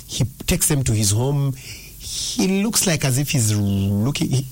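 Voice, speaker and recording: A young man, hosting a drive-time radio show and chatting through stories with lively swings in his voice. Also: measured pace. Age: young adult. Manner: chatty storytelling, animated pitch swings. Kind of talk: casual radio talk. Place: radio studio.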